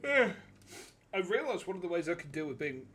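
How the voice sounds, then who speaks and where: A man's voice: sits high, sing-song, fairly quick, a bit bright, faint music behind. A man with a Yorkshire accent chatting casually on a game stream, tired and rambling. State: tired, with a cold.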